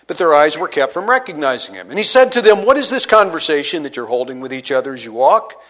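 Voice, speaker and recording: A man preaches with a fairly high voice, moving between reading scripture and casual retelling. He often sinks his voice low and soft to press a point home. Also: sing-song, quick pace. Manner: expository preaching, reads scripture aloud and paraphrases it conversationally; dynamic delivery, drops low and quiet for emphasis. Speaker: pastor. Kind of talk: sermon.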